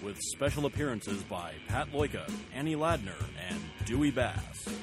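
A man reading show credits and a promo in a brisk announcer style. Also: medium pitch, lively intonation. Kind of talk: scripted credits and promo read. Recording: music playing underneath.

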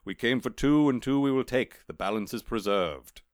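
A man reading aloud and voicing Death, a calm, measured skeletal reaper. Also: medium pitch, no echo, voice pushed up, natural voice. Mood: solemn. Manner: measured, solemn, dry.

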